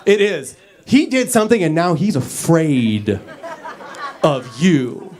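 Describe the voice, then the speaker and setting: A man's voice: fairly high pitch, slow, some chatter behind. A man doing a stand-up comedy set in a club, acting out little scenes with silly voices. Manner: animated, acts out characters with silly voices.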